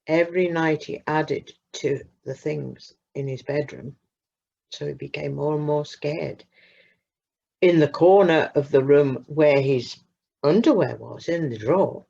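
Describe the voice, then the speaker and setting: A woman narrating a children's story in a slow, expressive way with dramatic pauses. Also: deep voice, creaky, slightly rough. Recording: muffled lo-fi recording.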